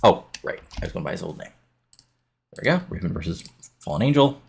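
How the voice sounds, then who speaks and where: A man with a low, gravelly voice walks through his wrestling booking game in a loose, chatty recap. His tone is husky, and he rambles along with plenty of fillers and quick self-corrections. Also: very animated. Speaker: let's play narrator.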